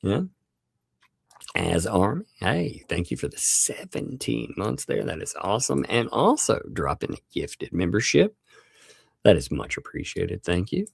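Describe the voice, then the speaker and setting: A man hosts a casual live stream with a very low, gravelly voice that still swings widely in pitch. He rambles and chuckles as he thanks members one by one. His voice sounds close and dry, with no room around it. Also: huge pitch swings, measured pace, no echo. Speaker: livestream host.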